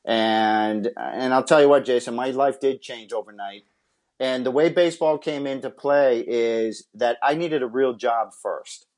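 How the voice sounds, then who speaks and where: A man from Massachusetts, USA, a former pitcher and scout appearing as a podcast guest, tells his life story in an earnest, heartfelt way. His medium-pitched voice is unhurried with a darkish tone, suited to this personal storytelling in an interview.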